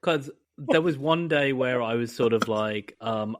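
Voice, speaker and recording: A man's voice: mid-range voice, unhurried, no room sound, clean studio sound. A British man co-hosting a casual film podcast, chatting animatedly and acting out his reactions. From Britain. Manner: animated, acts out reactions and jokey voices. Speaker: podcast co-host. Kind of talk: casual film-talk chat.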